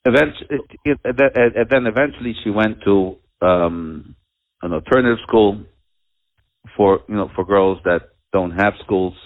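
A father telling a personal story at a community talk, halting and earnest, with many pauses and restarts. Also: fairly low pitch. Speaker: father telling of his daughter. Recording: tinny, phone-like narrow sound.

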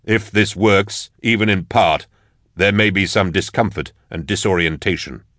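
A man voicing a stern older male inquisitor who speaks slowly and deliberately. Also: low-pitched, a bit bright, no room sound, clean studio sound. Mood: grave. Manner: slow, deliberate, grave.

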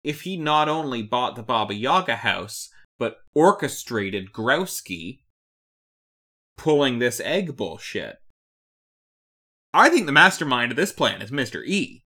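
A man co-hosting a podcast in a loose, casual chat. His pitch swoops around a lot as he rambles through his explanations. He laughs often and keeps the energy up. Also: sing-song, measured pace, pushed and bright. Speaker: podcast co-host.

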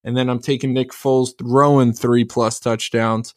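Boastful man pitching sports bets. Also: normal speed. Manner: boastful, animated. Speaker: sports betting co-host. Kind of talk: casual sports betting talk.

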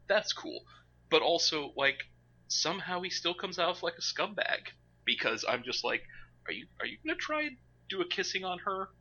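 A man co-hosting a podcast in casual chat, animated and quick to laugh. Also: mid-range voice. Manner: animated, laughs often, puts on mocking voices. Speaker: podcast co-host. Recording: slightly dull lo-fi recording with faint background noise.

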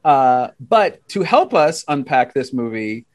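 A man co-hosting a podcast, telling stories in an animated way and laughing often. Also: mid-range voice, takes it slowly. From United States. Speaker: podcast co-host. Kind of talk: casual chat.

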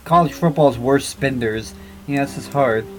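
A man's voice: mid-range voice, moderate pace, soft background music, rough recording. A man co-hosting a casual chat, rambling and thinking aloud as he searches online. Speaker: podcast co-host.

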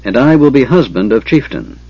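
A man's voice: medium pitch, lively intonation, normal speed, husky, dry recording, dull audio. A man reading aloud, voicing a stern, bitter tribal warrior who talks tersely and coldly. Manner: terse, cold.

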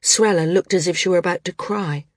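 A woman narrating a novel audiobook in a steady storytelling manner. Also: on the low side, fairly quick, no room sound, clean studio sound. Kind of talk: scripted narration.

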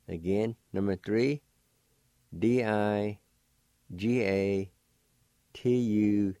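A man hosting a language lesson, slowly spelling out letters and sounding out syllables for listeners. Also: on the low side, warm tone, no echo, clean studio sound. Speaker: language teacher and show host.

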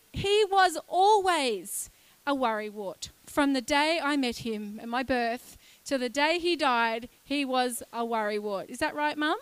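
A woman, preaching a lively, chatty sermon in a church and joking with the congregation. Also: sits high, no echo. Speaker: guest preacher.

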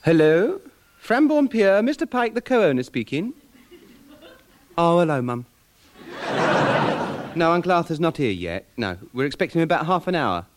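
A man's voice: on the high side, big pitch swings, unhurried, pauses often. An actor playing a fussy male pier co-owner ruled by his mother, talking in a prim, flustered way in a radio sitcom. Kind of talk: 1990s radio sitcom acting. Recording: hissy archive radio broadcast.

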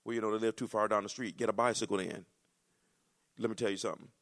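A male pastor, preaching a sermon with folksy asides that build into shouting excitement. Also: lowish voice, fast talker.

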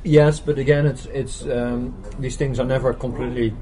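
A man's voice: medium pitch, fairly even intonation, normal speed, crowd noise, rough recording. A man speaking as a scientist guest in a casual conversation over a meal, hesitant and full of fillers and restarts. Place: busy restaurant.

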